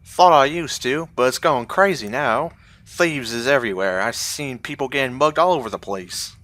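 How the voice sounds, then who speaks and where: A man doing a loud dim-witted thug guard. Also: mid-range voice, expressive, moderate pace, voice pushed up, close to an everyday voice. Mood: surly. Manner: gruff, ungrammatical street talk.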